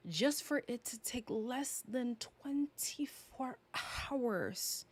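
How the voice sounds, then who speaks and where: A woman's voice: on the high side, animated, extremely slow, fairly bright tone, breathy edge, dry recording. A young woman from Canada reviewing a reality show on a live stream in a sassy, dramatic, teasing way, often laughing. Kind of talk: casual live review chat.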